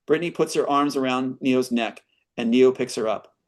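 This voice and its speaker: A man's voice: medium pitch, steady tone, normal speed. A screenwriter reading his screenplay aloud as a guest, breaking off with earnest asides.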